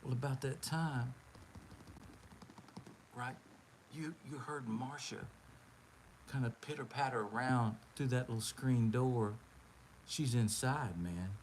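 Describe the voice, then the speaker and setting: A man's voice: mid-range voice, takes it slowly, long pauses, a little mellow, a little hiss or hum, low-quality recording. A man hosting a live stream, telling a long story in a rambling, laid-back way. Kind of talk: casual storytelling.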